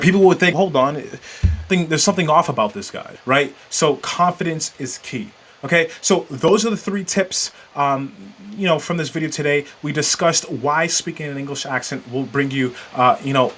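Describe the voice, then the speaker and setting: A man's voice: on the high side, a bit bright. A man hosting a podcast, giving marketing advice in an emphatic, coaching way with many fillers. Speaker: podcast host.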